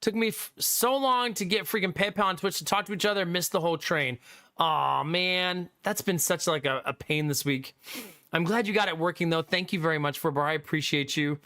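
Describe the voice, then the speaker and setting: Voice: mid-range voice, brisk, sharp tone, no echo, studio quality. A streamer chatting casually with viewers on a live stream, laughing often and thanking supporters.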